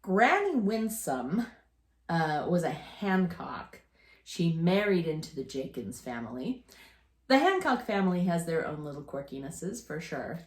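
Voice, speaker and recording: A woman's voice: fairly low pitch, sing-song, a little slow. Chatty woman telling stories in an echoey room. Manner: chatty, rambling storyteller with restarts and laughter. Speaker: podcast co-host telling family stories. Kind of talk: casual chat.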